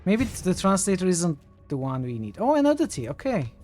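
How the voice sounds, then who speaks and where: A man's voice: huge pitch swings, fairly quick, faint music behind. Man reading game text on stream. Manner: thinks aloud, reads narration in a lower, quieter voice. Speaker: streamer playing a role-playing game. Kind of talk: reading game text aloud and commenting casually.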